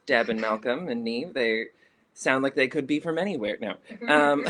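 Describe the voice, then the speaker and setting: A man's voice: medium pitch, measured pace, fairly bright tone. Canadian guy cracking dry jokes on a stream, laid back co-host. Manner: wry and joking. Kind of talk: casual livestream chat.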